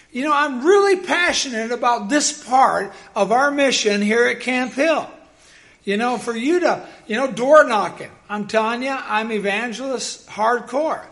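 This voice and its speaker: With an extremely high-pitched voice, a male pastor preaches, relating his own experiences energetically and bursting out with loud, performed quotations.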